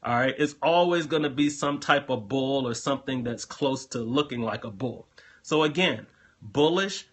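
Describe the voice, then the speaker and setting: A man with a bright, forceful voice and a husky grain explains things to his viewers in a live phone stream. He talks loosely and directly to them and often circles back and repeats words as he goes. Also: medium pitch. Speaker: host answering trading questions.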